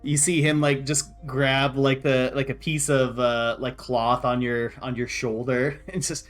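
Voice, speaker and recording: A man's voice: mid-range voice, level tone, measured pace, hardly any pauses, fairly bright tone, soft background music. A man narrating a tabletop game as game master in a loose, chuckling way with many fillers.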